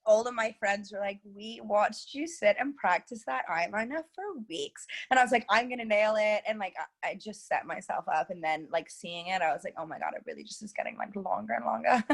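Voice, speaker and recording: A woman's voice: medium pitch, normal speed, vocal fry. Chatty young woman with British-LA accent. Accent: mix of British and Los Angeles. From England. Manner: chatty, many "like" and "you know" fillers, lively. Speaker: interview guest, reality show contestant. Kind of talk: casual chat.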